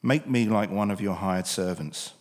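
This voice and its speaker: A man's voice: on the low side, moderate pace, natural voice. A man with a British accent voicing a repentant younger son in a scripture reading, earnest and plain. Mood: humble. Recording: long reverb of a large hall.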